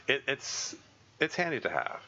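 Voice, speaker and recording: A man streaming a survival game, talking through his plans in a halting way full of fillers and restarts. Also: medium pitch, pushed and bright, lo-fi sound. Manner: halting, thinking aloud with many fillers and restarts. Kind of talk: casual live gameplay commentary.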